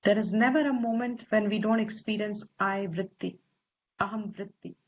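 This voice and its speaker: A woman teacher with an Indian English accent, explaining scripture slowly and deliberately, stressing Sanskrit terms and posing rhetorical questions. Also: mid-range voice, fairly even intonation, darkish tone. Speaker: Vedanta teacher. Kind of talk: slow scriptural class explanation. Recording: slightly dull lo-fi recording.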